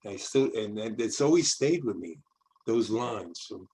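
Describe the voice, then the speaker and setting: A man's voice: on the low side, animated, a little slow, mellow, rough recording. An older man from the South Bronx, hosting a video-call interview in a rambling way, often restarting his sentences. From South Bronx, New York. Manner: rambling, repeats words and restarts. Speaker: host. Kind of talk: casual interview chat.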